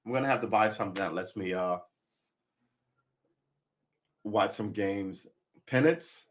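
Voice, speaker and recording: A man's voice: on the low side, measured pace, a little hiss or hum. A man chatting casually on a live stream, rambling and making wry jokes.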